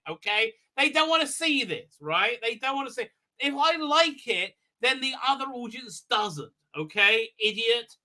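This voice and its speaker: A man's voice: extremely high pitch, big pitch swings, normal speed, sharp tone. A man hosting a live stream, recapping an episode in a rambling, stammering rant with mock voices for the characters. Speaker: show host.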